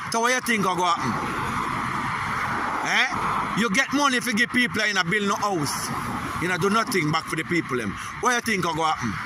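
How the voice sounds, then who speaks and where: A man's voice: high-pitched, heavy background noise. A man with a Jamaican accent giving a heated, profane political rant, repeating "you hear?" often.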